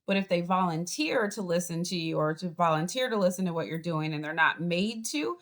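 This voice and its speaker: A woman's voice: on the low side, fairly quick. Boston-accented woman lecturing on a video call. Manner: lively, chatty teaching with acted example voices. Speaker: college professor. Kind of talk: online class lecture.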